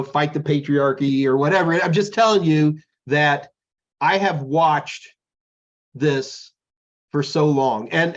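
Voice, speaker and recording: A man's voice: a little high, muffled recording. A man co-hosting a podcast in casual chat, telling jokey, rambling stories. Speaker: podcast co-host.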